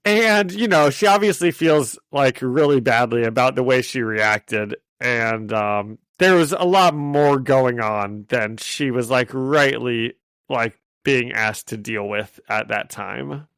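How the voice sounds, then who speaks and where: A man's voice: medium pitch, takes it slowly, a bit bright, smooth, no room sound. A man co-hosting a casual comic-book podcast, recapping the story and laughing often. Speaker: podcast co-host.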